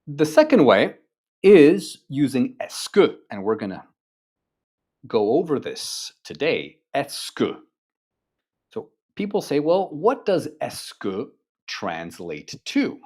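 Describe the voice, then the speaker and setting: A man's voice: mid-range voice, sing-song, slow, darkish tone, husky. A man teaching an online lesson, enthusiastic and checking in with the learner often. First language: French. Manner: enthusiastic, switches between English and French, many "right?" check-ins. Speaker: French teacher.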